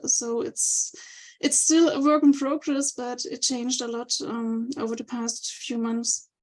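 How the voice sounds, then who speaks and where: A woman's voice: a little high, little pitch movement, measured pace, darkish tone. A woman taking part in an online workshop, answering hesitantly with many ums. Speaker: workshop participant. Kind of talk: video call conversation.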